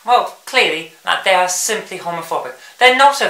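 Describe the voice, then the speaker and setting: A woman's voice: mid-range voice, animated, moderate pace, sharp tone, roomy sound, rough recording. A woman hosting a vlog, ranting about the news in an angry, sarcastic, sweary way. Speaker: vlog host.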